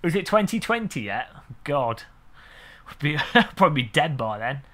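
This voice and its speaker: Animated, bright-voiced streamer man. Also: fairly high pitch, normal speed. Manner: chatty, jokey, talks to chat while setting up. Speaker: sim racing streamer. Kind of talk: casual live-stream chat.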